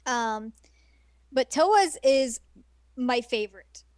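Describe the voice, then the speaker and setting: A woman co-hosting a casual podcast, talking eagerly and rambling through her thoughts with plenty of fillers. Her voice sits a little high. The sound is dry and close. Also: lively intonation, slow pace, a little mellow, no room sound. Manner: enthusiastic, rambling, laughs often. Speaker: podcast co-host. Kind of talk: casual chat.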